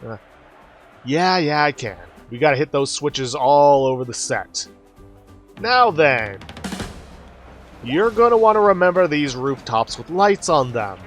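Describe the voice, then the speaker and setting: A man's voice: a little high, lively intonation, unhurried, pauses often, soft background music. A man hosting a let's play, explaining the game step by step as he plays. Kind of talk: casual game commentary.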